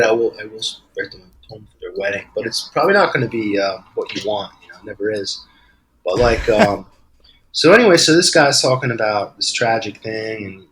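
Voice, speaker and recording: A man's voice: medium pitch, fairly bright tone, a little hiss or hum, rough recording. A man with a New Jersey accent, a guest author telling a rambling story in casual podcast chat, laughing easily.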